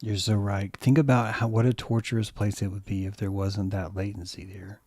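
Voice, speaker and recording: A man co-hosting a podcast, talking in a loose, excitable way with a lot of swearing and repeated words. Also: lowish voice, normal speed, dry recording. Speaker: podcast co-host. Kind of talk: casual conversation.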